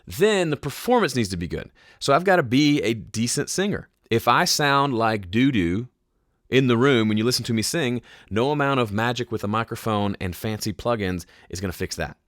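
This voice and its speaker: A man hosting a casual live question-and-answer podcast, with a smooth, polished speaking voice and a relaxed, conversational way of explaining. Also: mid-range voice, normal speed, dry recording, studio quality. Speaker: host answering viewer questions. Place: home studio.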